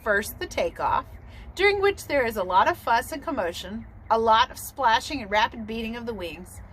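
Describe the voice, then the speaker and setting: A woman reading aloud as a long-winded father swan, solemn and measured, lecturing his young from a storybook. His voice sits a little high and swings widely through each line, with a soft hiss of background noise. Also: animated, poor audio.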